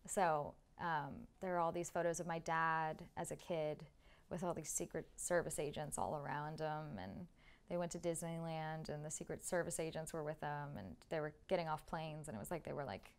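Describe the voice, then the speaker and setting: A young woman guest in a casual interview, chatty and animated, laughing often as she tells stories. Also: sits low, moderate pace, smooth.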